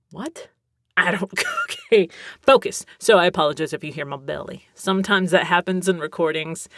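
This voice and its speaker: A young adult woman from Texas hosting a solo podcast, rambling with self-mocking asides, giggles and hushed whispered mutters. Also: on the low side, no room sound, studio quality. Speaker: podcast host.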